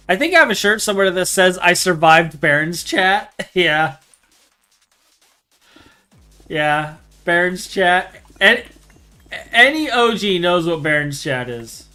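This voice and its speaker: A young man talks casually while streaming a game, trading sarcastic jokes and laughing with a friend. His voice sits a little high and has a bright, sharp edge. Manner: joking, sarcastic banter with frequent laughter. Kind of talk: casual gaming stream chat.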